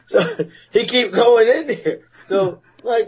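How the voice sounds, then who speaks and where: High-voiced husky man joking crudely. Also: slow, dull audio. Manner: loose, stumbling, crude anecdote telling. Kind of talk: casual chat.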